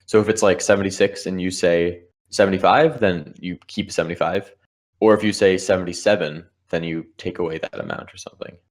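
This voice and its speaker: A man with a very deep, low voice commentating a board game match as it happens. He talks through the options and strategy behind each move. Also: fairly even intonation, brisk. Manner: analytical, explains strategy. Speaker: Scrabble commentator.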